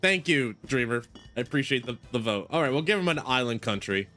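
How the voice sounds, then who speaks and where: A man's voice: mid-range voice, animated, fairly quick, sharp tone, faint music behind. Chatty rambling male game streamer. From United States. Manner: rambling, chatty, many "like" fillers. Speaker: streamer playing a shop simulator. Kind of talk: casual gaming commentary.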